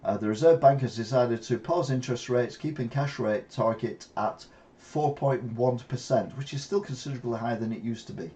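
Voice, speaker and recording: A man's voice: medium pitch, a little fast, mellow, slight background noise. An older man, chatting through news stories in a rambling way with wry asides. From England. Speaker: channel host. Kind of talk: casual news commentary.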